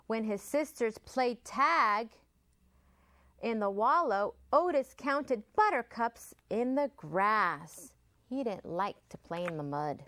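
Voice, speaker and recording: Woman librarian, children's read-aloud, slow, lively lilting pitch, dry close sound. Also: no echo. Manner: slow, sing-song storytelling.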